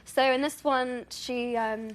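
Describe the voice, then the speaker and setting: A woman's voice: high-pitched, steady tone, slow. A young woman with an English accent, a guest on a talk show, talking in a giggly way and hedging with lots of fillers. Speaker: guest actress.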